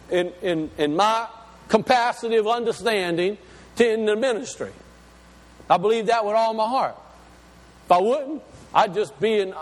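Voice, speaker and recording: A man preaching a sermon, slowing down to stress key words and asking his listeners questions. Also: high voice, in a large hall.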